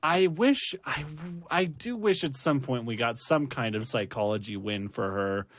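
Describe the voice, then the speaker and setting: A man's voice: mid-range voice, lively intonation, unhurried, slight background noise. A man hosting a casual rewatch podcast, laughing often and rambling through fillers and restarts. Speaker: podcast host.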